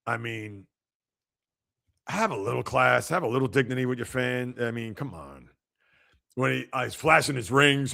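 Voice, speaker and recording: A man hosting a live sports podcast, reacting to news and reading out viewer comments in an animated, chatty way. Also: mid-range voice, moderate pace, gravelly, long pauses. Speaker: podcast host.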